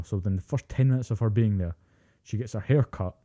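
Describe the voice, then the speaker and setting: Low, dark-voiced man telling stories. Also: fast talker. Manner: animated storytelling, heavy swearing, acts out quotes. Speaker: podcast co-host. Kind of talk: casual chat.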